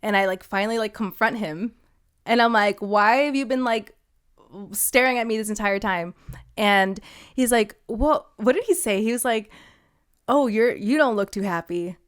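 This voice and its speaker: A young woman co-hosting a podcast, telling a story in casual chat, animated and laughing often. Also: on the high side, moderate pace, clear, resonant tone. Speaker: podcast co-host.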